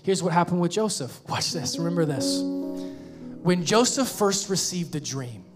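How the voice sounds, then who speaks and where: Man, pastor preaching, emphatic, rising questions, fairly high voice, guitar music underneath. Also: expressive, unhurried. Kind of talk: sermon.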